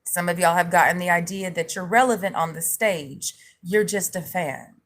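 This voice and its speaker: A woman's voice: lowish voice, normal speed, fairly bright tone. A woman hosting a livestream, reading and mocking viewer comments in a taunting way, now and then breaking into sung snippets. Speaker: livestream host.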